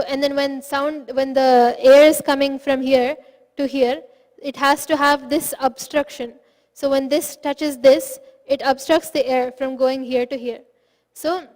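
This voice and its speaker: High-voiced woman teaching in a reverberant room. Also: a little mellow. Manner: patient and explanatory, demonstrates sounds aloud. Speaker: Sanskrit pronunciation teacher. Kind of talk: online lesson. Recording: long reverb.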